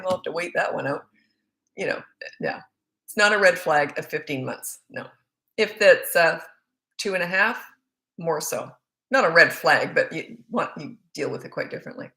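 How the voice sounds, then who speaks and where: A woman's voice: fairly low pitch, fairly bright tone. A woman, a parenting coach, chatting bluntly as she reads out viewer comments and answers them. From Australia. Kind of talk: casual live Q&A chat. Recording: roomy echo.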